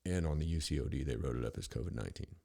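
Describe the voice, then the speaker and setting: A man's voice: a bass voice, very fast, vocal fry, dark tone. A middle-aged man hosting a podcast, ranting in a rambling, profane, sarcastic monologue full of restarts. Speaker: podcast host.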